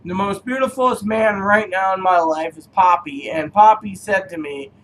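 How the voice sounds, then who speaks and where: A man reviewing cigars who rambles through personal stories, halting often with fillers. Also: sits high, a bit bright, slight background noise, rough recording. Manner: meandering, halting, full of fillers.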